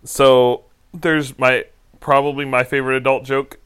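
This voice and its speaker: A man co-hosting a casual chat, enthusiastic and quick to laugh. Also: mid-range voice, level tone, a bit bright, clean tone.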